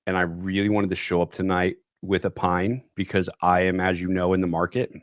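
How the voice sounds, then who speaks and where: A laid-back man chatting as a podcast guest. His voice sits low and the sound is dry and close. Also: flat delivery, fairly quick, no room sound. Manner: laid-back, laughs often, talks with mouth full. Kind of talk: casual chat.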